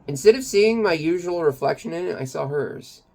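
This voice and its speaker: A man's voice: fairly high pitch, lively intonation, normal speed, vocal fry, a little mellow. A man rambling through a confessional personal story in a casual, loose way, with lots of fillers and some swearing. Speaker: kratom vendor and channel owner.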